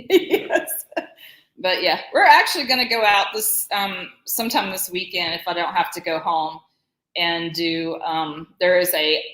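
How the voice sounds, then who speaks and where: This Southern US woman in her forties speaks unhurriedly in a lowish, somewhat bright voice. She co-hosts a casual live stream in a rambling, chatty way, laughing a lot, in an echoey room.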